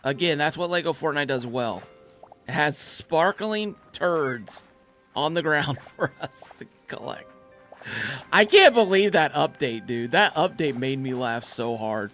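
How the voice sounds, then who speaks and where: An excitable man talks through his gameplay with a bright, lively voice that swings up and down. He comes across playful and laughs easily, with faint game music under him. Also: fairly high pitch, measured pace. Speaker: gaming channel host. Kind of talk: casual gameplay commentary.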